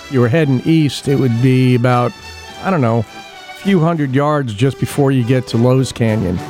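A man's voice: fairly high pitch, darkish tone. A man hosting a local radio morning show, reading the weather and ads and chatting with callers in a folksy, rambling way. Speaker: radio host.

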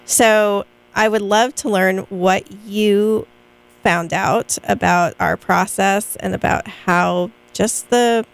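A woman's voice: medium pitch, steady tone, gravelly, clear, resonant tone, poor audio. A woman hosting a radio talk show, interviewing a guest and searching for words as she frames her questions. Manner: halting, restarts while framing questions. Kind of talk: casual interview.

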